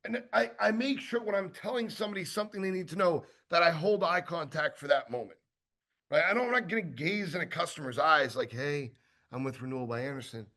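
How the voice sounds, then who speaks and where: Guy doing sales training, bright voice, talks casual w lots of "right?" and "you know", acts out customers. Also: high-pitched, brisk. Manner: animated, acts out customer exchanges; conversational with many fillers and asides.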